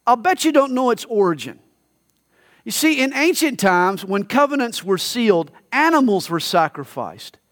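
A man preaching a verse-by-verse sermon, with plain folksy asides, rising for emphasis and dropping low and soft on solemn points. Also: sing-song, normal speed. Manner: expository Bible teaching with plain folksy asides. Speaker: pastor.

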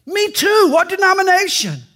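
A man voicing an eager, excitable man on a bridge in a told joke, shouting happily. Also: very high-pitched, normal speed, pitched above the performer's own voice, exaggerated voice. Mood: excited.

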